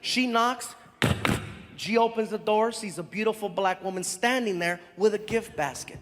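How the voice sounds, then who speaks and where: A man telling a stand-up story on stage, acting out voices with loud, animated delivery. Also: high-pitched, moderate pace. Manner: animated, shouting impressions, big laughs. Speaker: stand-up comedian. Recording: live show in a big hall, loud crowd. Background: audience laughter.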